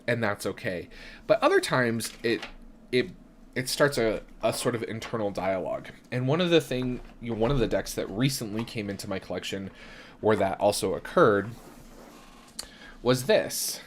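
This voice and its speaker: A man's voice: lowish voice, unhurried, a bit bright, a little hiss or hum. A young adult man hosting a tarot live stream, talking in a reflective, chatty way, often checking in with "right?" and restarting his sentences. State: has hiccups. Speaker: tarot reader and channel host. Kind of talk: live-stream casual talk.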